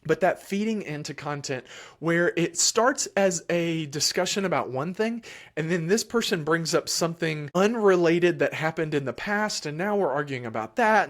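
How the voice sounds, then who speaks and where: A man who is a child therapist, answering parents' questions live in a calm, emphatic way and repeating key phrases. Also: fairly high pitch. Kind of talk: live Q&A advice.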